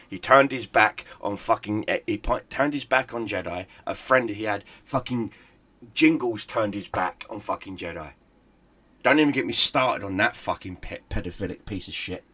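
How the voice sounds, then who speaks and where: A man's voice: lowish voice, normal speed, bright, forceful tone, no room sound. A middle-aged man, a gaming YouTuber, in a heated, profane, sarcastic rant. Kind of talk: angry ranting commentary.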